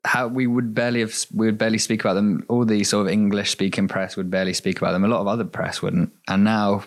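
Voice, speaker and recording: A man with a somewhat low voice joins a casual cycling chat. He talks in a wry, joking way, spinning out a funny scenario. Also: little pitch movement, fast. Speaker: podcast co-host.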